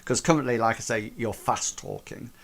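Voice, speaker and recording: A man's voice: medium pitch, normal speed, vocal fry, a crowd in the background. A man narrating a tabletop game as game master, hesitant, with many fillers. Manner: hesitant, lots of fillers and restarts.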